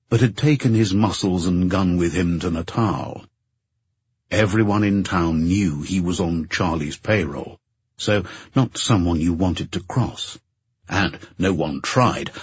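Male audiobook narrator: low, very husky, measured; dry, muffled recording. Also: no room sound. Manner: measured, even storytelling. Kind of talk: scripted narration.

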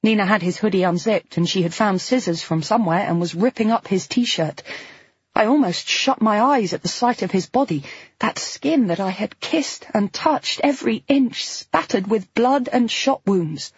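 A woman reads a first-person novel aloud in a very breathy voice, with an expressive, emotional delivery. The recording is dry and close, with a slightly dull, muffled top end. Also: mid-range voice, normal speed, no echo. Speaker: audiobook narrator.

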